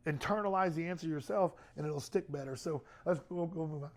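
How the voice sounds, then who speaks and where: A man's voice: fairly high pitch, quick pace, hardly any pauses. A middle-aged man speaking to a youth group in a casual, conversational way, often repeating words and using fillers.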